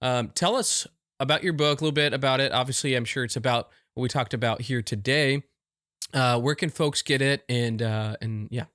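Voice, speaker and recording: A man's voice: mid-range voice, normal speed, a bit bright, dry recording, studio quality. A man hosting a podcast, reflecting and affirming his guest in casual chat. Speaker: podcast host.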